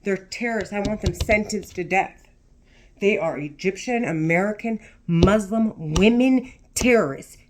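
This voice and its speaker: A woman's voice: medium pitch, normal speed. Woman in a tense, sweary rant. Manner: repetitive, swearing, tense ranting. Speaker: vlogger. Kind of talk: agitated monologue to camera.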